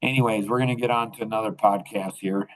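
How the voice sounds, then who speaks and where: A man's voice: fairly low pitch, fairly even intonation, fast, rough recording. An older man hosting a podcast, talking in a rambling, casual monologue full of restarts and laughter. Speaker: podcast host.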